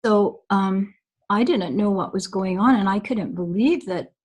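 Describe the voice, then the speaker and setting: A woman's voice: mid-range voice, measured pace, darkish tone, slightly rough, poor audio. A woman guest on a recorded call, telling stories from long ago in a reflective, rambling way with many fillers. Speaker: guest recalling early days.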